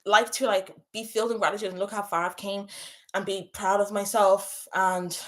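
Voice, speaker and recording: A woman's voice: mid-range voice, flat delivery, moderate pace, fairly bright tone. Young female livestream host, casual, emotional, rambling chat with her audience. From moved to England from abroad. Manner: chatty, emotional, many fillers and restarts. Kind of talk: casual livestream chat, reading viewer questions.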